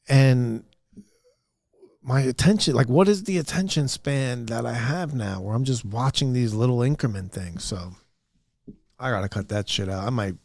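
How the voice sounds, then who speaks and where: Guy rambling solo on his podcast, mid pitch, super dry mic sound, jokes at his own expense. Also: gravelly, darkish tone, no echo. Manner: rambling, candid, self-deprecating, with frequent fillers. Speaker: podcast host. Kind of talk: casual solo podcast monologue. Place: upstairs room at home.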